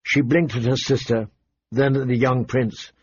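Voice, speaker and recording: A man narrating a novel in an even, storytelling delivery, in a dull, faintly noisy recording. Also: medium pitch, measured pace, slightly rough. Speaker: audiobook narrator. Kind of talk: scripted narration.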